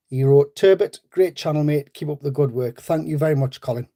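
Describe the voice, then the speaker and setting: Male host, rambling live-stream chatter, slightly higher voice. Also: fairly quick, hardly any pauses, mellow. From North East England. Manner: rambling, chatty, greets viewers by name. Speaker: fishing channel host. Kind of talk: live-stream chat with viewers.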